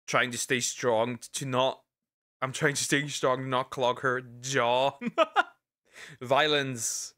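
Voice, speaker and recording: A man streaming as a VTuber, giving live reaction commentary with disbelieving exclamations that jump up into high outbursts. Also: level tone, slow pace, pushed and bright.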